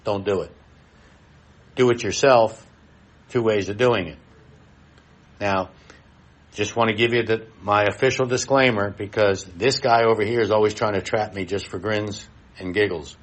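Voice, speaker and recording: A middle-aged man with a lowish voice presents at a live expo. He talks in a blunt, folksy way and speaks directly to the people in the room. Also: fairly even intonation, normal speed.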